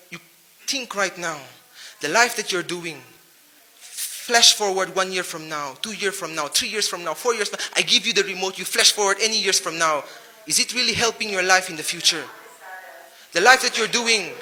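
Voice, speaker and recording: A man's voice: high-pitched, pushed and bright. A man with a Naga accent giving a preachy motivational talk to young men, full of rhyming wordplay and rhetorical questions.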